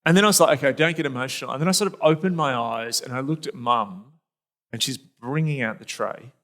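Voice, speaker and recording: Middle-aged male pastor, conversational storyteller, mid pitch, reflective with loose restarts. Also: lively intonation, a little fast, a bit bright. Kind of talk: storytelling sermon.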